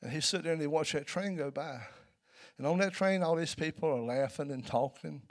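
A man preaching a sermon in a church, telling a story and building to loud, emphatic peaks. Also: fairly high pitch, a little fast.

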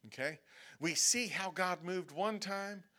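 Male pastor, slightly high voice, chatty sermon in church, keeps asking "okay?". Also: unhurried, sharp tone. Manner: conversational preaching, frequent "okay?" checks, acted-out prayers and whining. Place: church sanctuary.

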